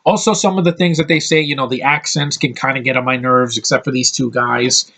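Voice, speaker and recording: A man's voice: mid-range voice, fairly even intonation, brisk, sharp tone. An American man giving a casual, rambling film review, blunt and opinionated, swearing freely and restarting his sentences often. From United States. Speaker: movie reviewer.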